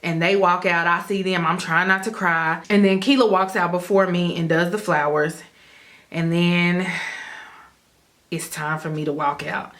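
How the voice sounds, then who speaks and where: A woman telling viewers a personal story in a casual, animated way, speaking straight to them and acting out her own thoughts along the way. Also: on the low side, measured pace.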